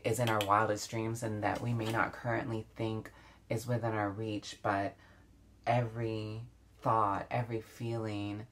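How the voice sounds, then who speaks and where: A woman beauty vlogger chatting casually while doing her makeup, reflective, with many fillers and restarts. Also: a bass voice. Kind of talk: casual get-ready-with-me chat.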